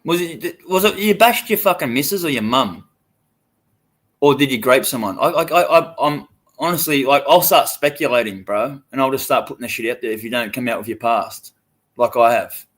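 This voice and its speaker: A man's voice: medium pitch, expressive, moderate pace, a bit bright. A young Australian man livestreaming, talking to his chat in a profane, taunting and swaggering way. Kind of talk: live stream rant to chat.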